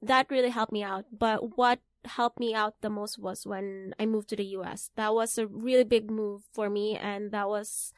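A woman's voice: medium pitch, normal speed, few pauses, no room sound, clean studio sound. A young woman from the Philippines, chatting as an interview guest and laughing often. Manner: giggly, animated, laughs often. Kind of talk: casual interview chat.

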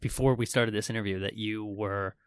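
A man's voice: fairly low pitch, fairly even intonation, a little fast, clean tone, no room sound. A man hosting an interview show, upbeat and enthusiastic with a joking streak. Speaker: show host. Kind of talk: casual interview chat.

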